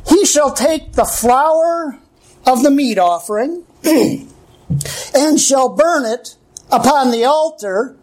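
Hoarse woman preaching slowly, raised pitch. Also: animated, darkish tone. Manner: emphatic, with frequent rhetorical questions. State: hoarse, clearing throat often. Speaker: pastor. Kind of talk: Bible-teaching sermon.

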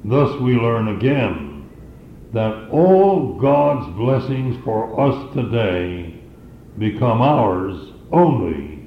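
A man delivers a sermon at a deliberately slow pace, leaning on and repeating key phrases. His voice sits in a roomy, echoing space. The recording is dull and lo-fi, with a faint hiss underneath. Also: mid-range voice. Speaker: preacher.

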